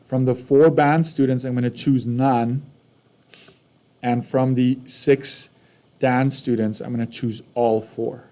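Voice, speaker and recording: Mellow-voiced male math teacher. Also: mid-range voice, steady tone, takes it slowly. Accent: Canadian. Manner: casual, checks in with "right?" and "okay?". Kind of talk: recorded math lesson.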